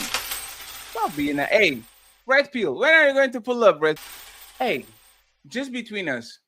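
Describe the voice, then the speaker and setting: A man hosting a live stream, loudly reading out and reacting to chat messages. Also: on the high side, a little slow. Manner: loud, animated, shouts out chatters. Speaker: livestream host.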